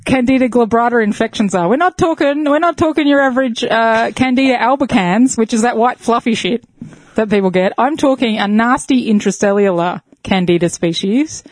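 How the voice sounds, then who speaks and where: A woman, a microbiologist guest in casual chat, blunt and quick to laugh, swearing and using technical jargon. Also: on the high side, dry recording.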